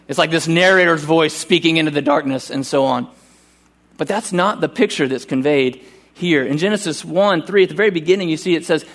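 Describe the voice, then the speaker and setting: A male pastor preaching a sermon at a church service with earnest urgency, slowing down to read scripture deliberately. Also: on the high side, fairly bright tone.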